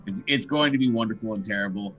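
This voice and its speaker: A man's voice: fairly low pitch, quick pace, fairly bright tone, lo-fi sound, soft background music. A man introducing himself as a player in a tabletop game, hesitant and self-deprecating. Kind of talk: casual live-stream chat.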